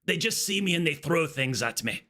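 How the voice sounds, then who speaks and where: A man putting on a Scottish accent as a grumpy middle-aged school groundskeeper, gruff and self-pitying. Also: a little high, expressive, moderate pace, sharp tone, pitched above the performer's own voice. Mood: aggrieved. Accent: put-on Scottish.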